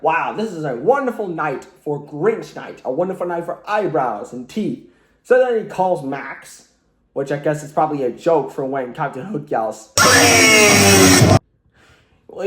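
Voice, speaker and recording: Man, high voice, very lively pitch, rambling casual recap, echoey room. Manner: rambling, joking, many fillers. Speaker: cartoon reviewer.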